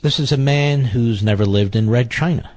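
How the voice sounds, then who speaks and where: A man's voice: medium pitch, normal speed, darkish tone, dry recording. A middle-aged man hosting political talk radio, indignant and repeating phrases for emphasis. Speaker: radio talk show host.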